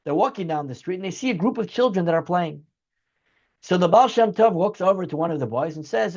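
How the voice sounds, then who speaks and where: Male rabbi, high-pitched, earnest storytelling lecture, muffled lo-fi sound. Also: expressive, a little fast, darkish tone, breathy edge. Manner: earnest, acts out dialogue in story. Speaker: rabbi teaching a weekly class.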